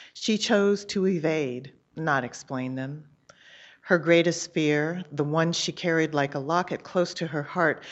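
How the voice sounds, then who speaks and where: A woman author with a very low voice chats in a playful way and then reads from her own novel. The recording is muffled and lo-fi. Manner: chatty, self-amused asides before reading.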